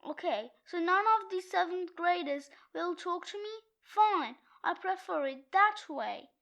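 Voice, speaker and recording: A woman's voice: extremely high pitch, animated, unhurried, vocal fry, a bit bright, exaggerated voice. A woman voicing a nervous, wisecracking sixth-grade boy at a party, in a read-aloud of a comic book. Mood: sulky. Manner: self-conscious, wisecracking.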